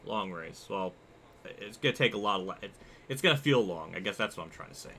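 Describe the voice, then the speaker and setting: A young man gives loose, running commentary over a racing game, his pitch leaping around as he gets excited. His voice is bright and cutting, with a low hiss of noise behind it. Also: a little fast. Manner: excitable, chatty, reacts loudly and reads chat. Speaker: sim racing streamer. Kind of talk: live gameplay commentary.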